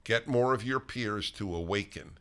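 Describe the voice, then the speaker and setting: Older man, talk show host, bright tense voice, low-pitched, emphatic restarts. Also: moderate pace. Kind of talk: political talk show conversation.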